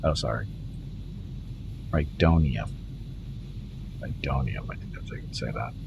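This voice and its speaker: A man with a Canadian accent giving relaxed, rambling commentary while streaming a game live and talking to his chat. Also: extremely low pitch, rapid-fire, vocal fry, lo-fi sound, heavy background noise. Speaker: gaming streamer. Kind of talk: casual live gameplay commentary.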